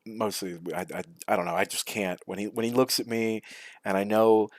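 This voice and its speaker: A man's voice: fairly low pitch, fairly even intonation, fairly quick, dry recording. A man chatting as a guest on a live-streamed podcast, joking and mocking himself. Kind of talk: casual chat.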